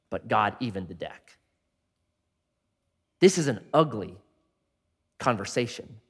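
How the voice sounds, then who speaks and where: Animated male preacher in a reverberant hall. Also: lowish voice, takes it slowly, pauses often, breathy edge. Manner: animated preaching, swings from loud to hushed. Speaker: pastor. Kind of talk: sermon.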